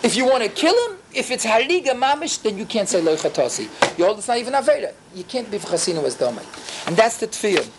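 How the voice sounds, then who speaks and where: A man teaching a Torah class, telling stories with animated swings in pitch and many rhetorical questions. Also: quick pace, background noise.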